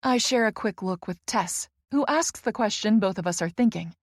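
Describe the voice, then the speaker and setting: A woman's voice: medium pitch, expressive, moderate pace, hardly any pauses, no echo. Dry, close woman audiobook narrator. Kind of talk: first-person romance audiobook narration.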